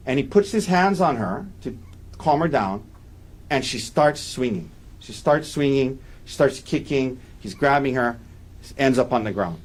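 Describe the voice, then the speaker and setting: A man's voice: mid-range voice, expressive, a little slow. A man giving a courtroom opening statement as defense attorney, emphatic and repeating key points for weight.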